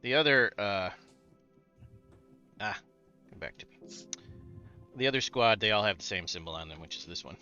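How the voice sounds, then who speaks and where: A man's voice: lowish voice, expressive, normal speed, long pauses, bright, forceful tone, clear, resonant tone, muffled recording, faint music behind. A man narrating a tabletop game as game master, describing scenes in an easygoing way with fillers.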